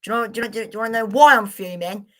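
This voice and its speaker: A woman's voice: a little high, very fast. A young woman hosting a live football watchalong, chatting to viewers in a frustrated, sweary way. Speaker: watchalong host.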